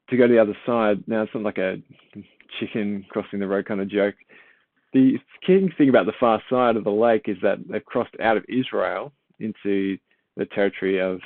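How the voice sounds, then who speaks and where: A man's voice: fairly low pitch, vocal fry, no room sound. A man reading a Bible passage and then explaining it in an informal teaching style, talking conversationally, asking listeners rhetorical questions and repeating words as he thinks. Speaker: church Bible reader and teacher. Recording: tinny phone-like, dry sound.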